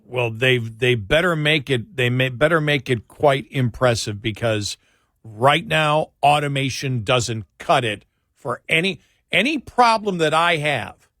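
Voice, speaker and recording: A man's voice: medium pitch, animated, a little slow, sharp tone, no echo, clean studio sound. Chatty radio talk show host, a man. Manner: chatty, reads a list aloud with quips, speeds up when annoyed. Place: radio studio. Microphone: studio microphone.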